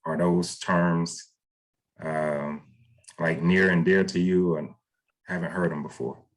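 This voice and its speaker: Deep-voiced hesitant male psychic. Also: steady tone, slow pace, low-quality recording. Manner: hesitant, rambling with many fillers. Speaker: psychic medium giving a reading. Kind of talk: casual spiritual reading.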